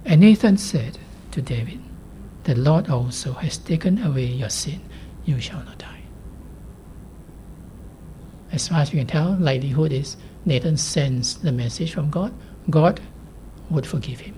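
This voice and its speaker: Low, mellow-voiced woman preaching. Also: animated, normal speed, a little hiss or hum. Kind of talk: sermon.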